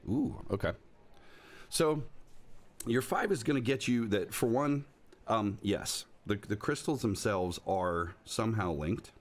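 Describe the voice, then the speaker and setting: A man's voice: fairly low pitch, animated, unhurried. A man narrating a tabletop game as game master, rambling and jokey, full of fillers and restarts.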